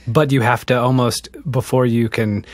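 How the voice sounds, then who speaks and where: A man's voice: medium pitch, little pitch movement, normal speed, no room sound. A man hosting a podcast interview, reflecting aloud on what his guest said, with a few restarts. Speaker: podcast host.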